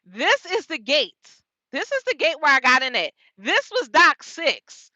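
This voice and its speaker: Animated young woman telling a story. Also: high voice, unhurried, no echo, lo-fi sound. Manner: animated, slangy, laughs often. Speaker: truck driver vlogger. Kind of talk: casual storytelling.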